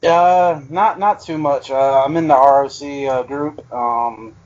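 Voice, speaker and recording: A man talking casually as a guest on a podcast, relaxed and a bit hesitant, full of fillers. His voice sits at a middle pitch. The call audio is dull and lo-fi. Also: unhurried. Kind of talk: casual chat.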